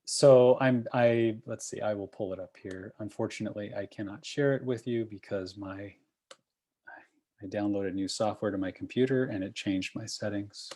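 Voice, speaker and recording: A man's voice: on the low side, normal speed, dark tone. Patient male instructor on a video call. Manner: patient, encouraging, checks in with frequent "okay?" and "right?". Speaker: course instructor. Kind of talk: online review session.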